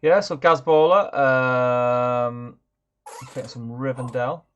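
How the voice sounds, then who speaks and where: Co-hosting a hobby stream, a man reads out viewers' names in upbeat, jokey casual chat. His mid-range voice is clear and resonant, with a steady tone and slow delivery, captured in slightly dull, lo-fi audio.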